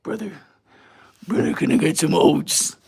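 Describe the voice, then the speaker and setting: A man's voice: on the high side, lively intonation, a little slow, gravelly, darkish tone, breathy edge. A man hosting a casual baking livestream from his home kitchen, chatting playfully, reading viewer comments and bursting into goofy laughter. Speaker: baking show host.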